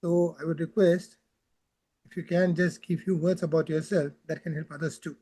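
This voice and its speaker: A man hosts a live interview and introduces his guest with polite, formal and long-winded phrasing. His voice sits a bit high for a man, and its tone is mellow and soft. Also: flat delivery, moderate pace, slightly rough.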